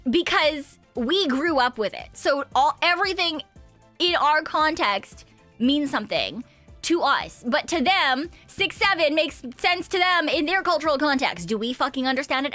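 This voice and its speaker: A young woman streamer chatting casually with viewers, giggly and sweary, with a slight vocal fry and bits of singing. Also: sits high, very animated, normal speed, bright, forceful tone, soft background music. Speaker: VTuber streamer.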